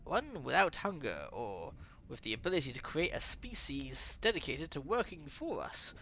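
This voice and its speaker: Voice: medium pitch, big pitch swings, fairly bright tone, slight background noise, low-quality recording. A streamer doing a lecturing scholar. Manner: lecturing, measured and deliberate. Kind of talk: reading a visual novel aloud.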